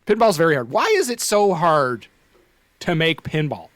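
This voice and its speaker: A man's voice: on the high side, moderate pace, no room sound. Chatty Atlantic Canadian man, dry close mic. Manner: animated, rambling, fond of "like" and "right?". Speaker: podcast co-host. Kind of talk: casual chat.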